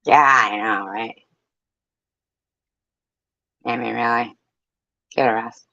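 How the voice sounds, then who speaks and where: Gravelly woman ranting bluntly. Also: extremely low pitch, steady tone, takes it slowly, sharp tone, no room sound. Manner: blunt, profane, heated. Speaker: streamer. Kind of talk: livestream rant to viewers. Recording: dull, lo-fi, dry mic.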